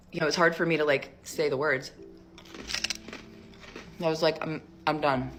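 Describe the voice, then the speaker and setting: A woman in her thirties tells a personal story in a casual, rambling way, leaning on "like" constantly. Her voice sits fairly low, but she jumps up sharply when acting out what people said. Soft music plays faintly behind her. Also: level tone, normal speed, pauses often. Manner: chatty, rambling, heavy use of "like"; acts out quoted lines with sharp jumps up in pitch. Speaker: storyteller in a social media clip.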